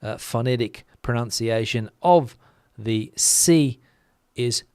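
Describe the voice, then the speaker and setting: A man from Australia hosting a vlog, answering viewer comments in a blunt, deadpan way. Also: medium pitch, slow pace, clean tone, dry recording, clean studio sound. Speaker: vlog host. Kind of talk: casual talk to camera, answering viewer comments.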